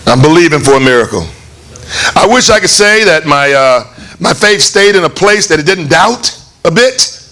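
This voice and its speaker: A man preaching a conversational, animated sermon in church, acting out lines of the story. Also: sits high, normal speed. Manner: animated, conversational, acts out voices with laughs. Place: church hall.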